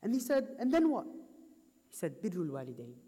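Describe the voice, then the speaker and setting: A man with a very high voice delivers a sermon, urgent and impassioned as he pleads with the congregation. His words ring out with a long reverb, as if heard in a large hall. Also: big pitch swings, moderate pace, warm tone. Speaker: preacher.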